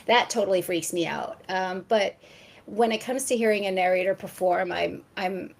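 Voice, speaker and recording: A woman author chatting as a podcast guest, enthusiastic and quick to laugh, often restarting her sentences. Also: medium pitch, creaky. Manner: frequent restarts and stammers. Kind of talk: casual podcast chat.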